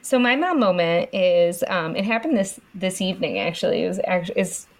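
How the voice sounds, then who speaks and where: A woman's voice: on the low side, normal speed. Young woman telling stories animatedly. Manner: animated storytelling, laughs through it. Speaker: podcast co-host. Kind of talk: casual chat.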